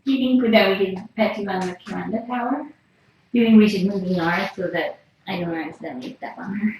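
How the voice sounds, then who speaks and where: This woman, who works at a cat rescue, speaks at a quick pace and medium pitch, chatting casually to a live stream camera and cooing softly at a cat, often in a whisper. The setting is a small, echoey shelter room, picked up by a camera mic across the room that leaves her voice distant. Faint room noise and cats can be heard.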